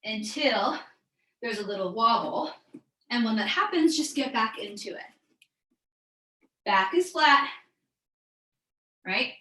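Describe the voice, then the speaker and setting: A woman's voice: a little high, expressive, takes it slowly, pauses often, bright, forceful tone, roomy sound, low-quality recording. A woman teaching a live online yoga class, calling out breaths and poses in an upbeat, encouraging way, a bit out of breath. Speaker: yoga instructor.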